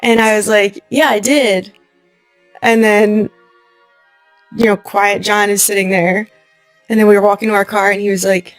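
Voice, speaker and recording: A young adult woman telling a personal story as an interview guest, acting out what people said to her with lively voices and laughing often. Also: medium pitch, normal speed, pauses often, no echo, soft background music. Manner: animated retelling, acting out quoted lines, laughing often.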